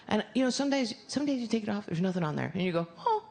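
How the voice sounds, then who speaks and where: A woman's voice: medium pitch, expressive, very fast, vocal fry, darkish tone. A woman comedian doing a stand-up routine on a club stage, telling a crude story in a rambling, self-interrupting way. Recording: live club recording with audience noise.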